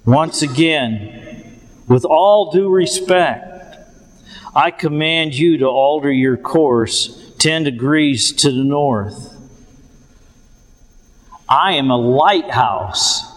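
A man voicing a young male sailor who answers calmly, respectfully and firmly, with slow, even phrasing. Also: fairly high pitch, long reverb tail, low-quality recording. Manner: calm, respectful, firm.

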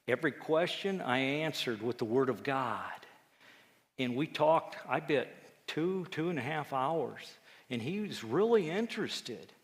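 A man, a lay preacher telling a personal testimony story, acting out quotes with lively jumps in his voice. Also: medium pitch. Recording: echoey hall with long reverb.

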